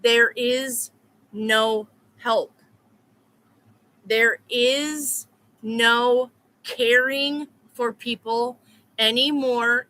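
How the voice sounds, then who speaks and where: A woman's voice: fairly high pitch, sharp tone. A woman tarot reader talking live to her viewers in a blunt, repetitive, profane way. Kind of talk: live-stream chat with viewers.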